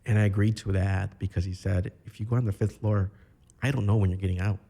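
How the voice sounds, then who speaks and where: A man from Chicago, a podcast guest, telling his own story in a candid, reflective way with halting restarts. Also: lowish voice, steady tone, creaky, mellow. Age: 30s. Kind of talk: personal storytelling interview.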